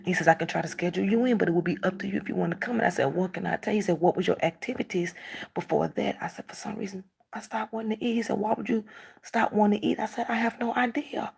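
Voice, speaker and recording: A woman's voice: mid-range voice, fairly even intonation, fast talker, gravelly, a little mellow, slightly rough. A middle-aged woman talking casually to the camera, emphatic and repeating herself as she acts out bits of dialogue.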